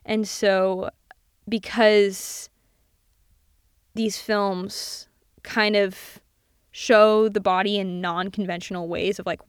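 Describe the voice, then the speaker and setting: Young female host, casual solo talk with lots of "like" and "um", smooth voice, dry recording. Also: medium pitch, measured pace, dry recording. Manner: chatty, animated, swears casually, many fillers. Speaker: podcast host.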